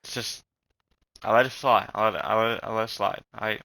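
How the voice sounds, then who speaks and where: A young man with a slight Southern accent rants loosely and swears often as he plays. His voice is bright and tense, and the recording is dry with no room sound. He talks in a rambling way and keeps restarting his sentences. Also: on the low side, fairly even intonation, brisk, vocal fry, dry recording, low-quality recording. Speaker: vlogger. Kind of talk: rambling casual rant.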